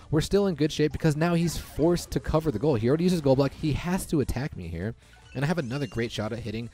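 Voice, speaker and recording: A young man giving casual, excitable commentary over his own gameplay, reacting loudly to lucky and unlucky rolls. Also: medium pitch. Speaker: gaming commentator. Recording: faint background music.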